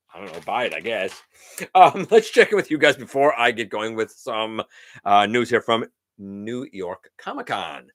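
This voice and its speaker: Middle-aged male live-stream host, casual and chatty, animated intonation, lots of fillers. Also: fairly low pitch, measured pace. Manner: chatty, greets viewers by name, many fillers. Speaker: host of a live toy-collecting show.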